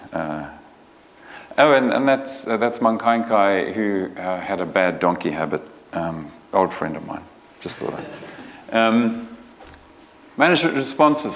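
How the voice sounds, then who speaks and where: Man lecturing in a reverberant hall. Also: on the low side. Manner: lively, joking, colloquial, restarts sentences. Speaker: conservation researcher giving a talk. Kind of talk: informal conference presentation.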